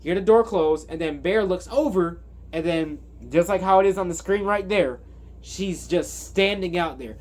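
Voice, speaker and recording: A man's voice: sits high, normal speed. A man giving a casual movie recap, rambling with lots of fillers and self-corrections. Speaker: movie reviewer.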